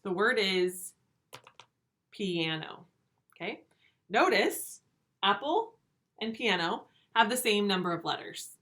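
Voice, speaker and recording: A woman teacher giving a remote reading lesson to young pupils, slow and clear, encouraging. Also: mid-range voice, fairly bright tone. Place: home room with a whiteboard.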